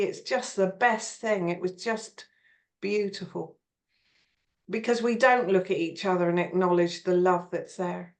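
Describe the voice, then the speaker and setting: A woman hosting a relaxed conversation, with a mid-range voice. She is encouraging and enthusiastic, telling her own stories with feeling. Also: medium pitch. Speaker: host. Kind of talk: casual conversation.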